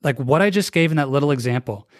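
A man's voice: on the high side, lively intonation, fast talker, dry recording, studio quality. A man being interviewed on a podcast, talking with energy and acting out the voices he quotes. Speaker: guest.

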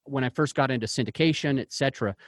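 A man's voice: mid-range voice, quick pace, dry recording, studio quality. A man who invests in real estate, telling personal stories in an interview in an earnest way, often restarting his sentences. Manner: earnest, with frequent restarts and fillers.

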